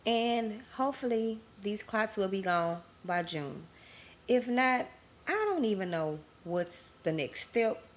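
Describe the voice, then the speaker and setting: A woman's voice: fairly low pitch, a little hiss or hum. A woman hosting her own podcast, talking candidly and emotionally, speaking straight to her listeners. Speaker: podcast host. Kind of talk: personal podcast monologue.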